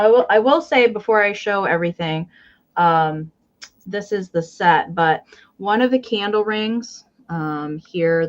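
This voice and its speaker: A woman's voice: mid-range voice, highs cut off. A woman hosting a live-stream sale in a casual, chatty way, describing each item in detail with frequent ums and counting down bids.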